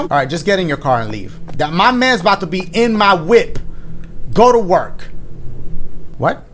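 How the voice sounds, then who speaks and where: A male gaming YouTuber doing loud, profane, excitable let's play commentary full of slangy banter. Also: high voice, moderate pace, long pauses, slight background noise.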